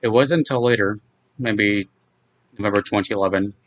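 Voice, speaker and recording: A man in his twenties reading his own personal account in a measured, reflective way. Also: fairly low pitch, rough recording. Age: 20s. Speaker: guest narrator telling his own story.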